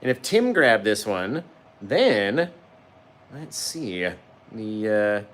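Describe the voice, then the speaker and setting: An enthusiastic man leads a live painting tutorial and keeps chatting with his viewers. His voice swings up and down with energy. It sounds roomy and a little far from the mic, with steady noise underneath. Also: lowish voice, drawn-out words. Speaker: painting instructor on a livestream. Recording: roomy echo, voice a bit off-mic, noticeable background noise.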